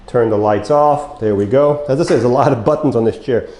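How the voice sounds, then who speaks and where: A mobility equipment dealer gives a product walkthrough demo of a power wheelchair, speaking plainly to viewers as folks while his voice grows worn. He's medium-pitched, brisk and a little mellow, recorded in an echoey room.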